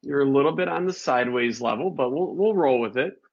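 Husky-voiced man hosting a live stream. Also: mid-range voice, animated, a little fast. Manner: upbeat, joking about tech trouble. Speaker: podcast host. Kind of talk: casual live-stream interview. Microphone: video call. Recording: dull lo-fi live-stream audio.

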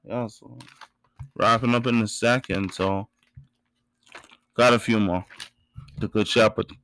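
A man from the islands reciting his own spoken word poetry and rap, with rhythmic, emphatic delivery and sudden loud rises. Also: mid-range voice, steady tone, slow pace, rough recording. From Bahamas.

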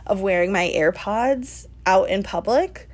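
A woman in her twenties telling a lively story on a casual podcast, laughing often and saying "like" a lot. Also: mid-range voice, unhurried. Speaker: podcast co-host.

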